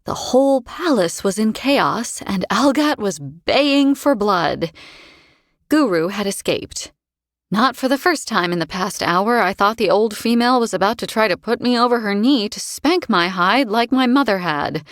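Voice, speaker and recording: A woman narrating a first-person fantasy audiobook in a wry, expressive way. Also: mid-range voice, a little slow, no room sound, studio quality.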